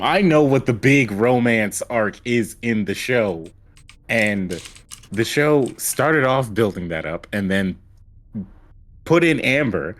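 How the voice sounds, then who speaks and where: A man co-hosting a podcast, recapping a show in a rambling, casual way with lots of fillers and acted-out quotes. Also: fairly low pitch. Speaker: podcast co-host. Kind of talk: casual chat.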